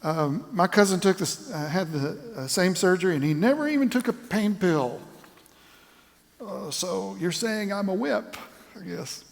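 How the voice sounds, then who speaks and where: A man's voice: high-pitched, expressive, measured pace, gravelly. A man, a chaplaincy director, giving a dryly humorous talk to a church group. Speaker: guest speaker, hospital chaplaincy director. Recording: echoey church hall.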